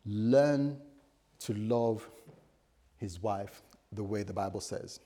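A man's voice: fairly low pitch, takes it slowly, mellow. Playful, chatty male preacher. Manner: conversational, playful, acts out little scenes. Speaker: pastor. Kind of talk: sermon.

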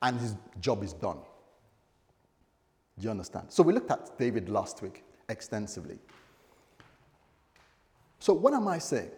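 A man's voice: lowish voice, sing-song, unhurried, long pauses. A middle-aged man preaching a sermon, telling a story dramatically with humorous asides to the congregation. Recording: echoey hall.

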